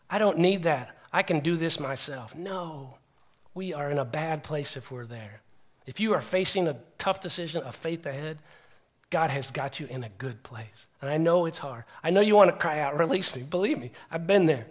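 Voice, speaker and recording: A man's voice: a little high, normal speed. Earnest middle-aged male preacher. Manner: earnest, animated retelling with many restarts. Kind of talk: sermon.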